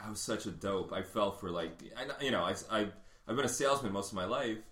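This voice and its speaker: Halting, lively man in an echoey room. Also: on the low side. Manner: halting, repeats words, laughs often. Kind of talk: crude casual chat.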